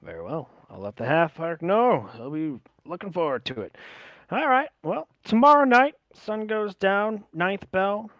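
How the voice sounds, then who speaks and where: A man voicing a polite male drow fight promoter with smooth salesman patter. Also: high-pitched, lively intonation, unhurried, dry recording, dull audio, pitched above the performer's own voice. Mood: businesslike.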